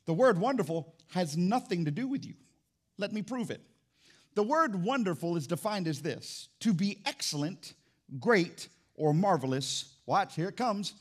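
Loud, high-pitched preaching pastor. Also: male voice, lively intonation, normal speed. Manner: loud, swinging between shouting and hushed. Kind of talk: sermon. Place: church sanctuary.

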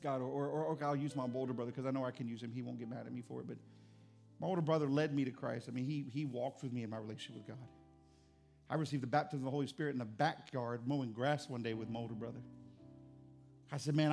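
Man, pastor, sermon, gravelly voice, high pitch, earnest and impassioned. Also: a little mellow. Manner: earnest storytelling, rising to impassioned intensity.

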